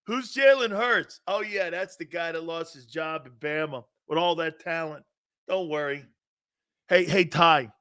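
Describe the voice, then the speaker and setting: A man's voice: a little high, sharp tone. A man hosting a sports talk show, brash and mocking, laughing at his own jokes.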